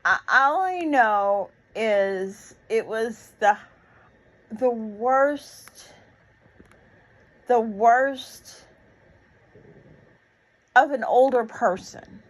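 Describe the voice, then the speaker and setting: A woman's voice: a little high, animated, very slow, long pauses, poor audio. A woman in her sixties giving an emotional, rambling reaction commentary, with many fillers and restarts. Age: 60s. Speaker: YouTube commentator.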